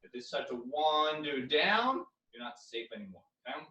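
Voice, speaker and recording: A man's voice: fairly high pitch, big pitch swings, moderate pace, muffled recording. Young male karate coach, echoey room. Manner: coaching, counting drills with loud yells. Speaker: karate instructor. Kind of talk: online exercise class. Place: living room. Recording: echoey room, far from mic.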